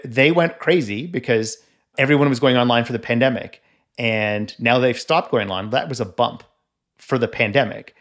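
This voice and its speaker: A man from Canada co-hosting a tech podcast, wry and joking, often hedging his views. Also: mid-range voice. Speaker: podcast co-host. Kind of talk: casual podcast chat.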